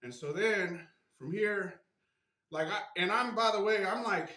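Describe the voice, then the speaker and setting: With a high-sitting, bright, forceful voice at a measured pace, this martial arts instructor chats casually while demonstrating stretches. Slightly strained from exertion, he keeps tacking on "right?", recorded by a camera mic in an echoey room.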